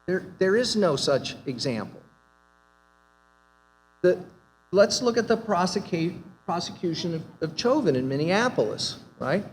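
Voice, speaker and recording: A man's voice: high-pitched, big pitch swings, unhurried. A man on an academic panel arguing emphatically, posing rhetorical questions. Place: conference hall. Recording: hall reverb with faint noise.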